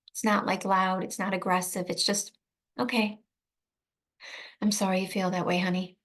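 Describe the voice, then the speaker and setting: A woman's voice: mid-range voice, fairly bright tone. A woman coaching protective parents in an earnest, emphatic way. She often repeats key phrases and checks in with "right?". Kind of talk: advice talk to camera.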